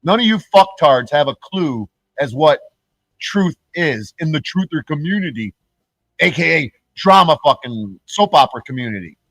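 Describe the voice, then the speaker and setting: A man's voice: a little high, expressive, moderate pace, a bit bright, dry recording, poor audio. A man ranting on his own channel, profane and taunting, mocking the people he calls out. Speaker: YouTuber. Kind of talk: angry ranting vlog.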